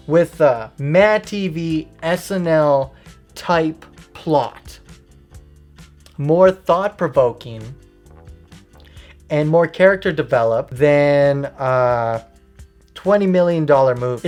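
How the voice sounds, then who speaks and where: A woman's voice: low voice, expressive, takes it slowly, long pauses, a little mellow, faint music behind. A woman talking through a casual, opinionated video essay, informal and loose with fillers.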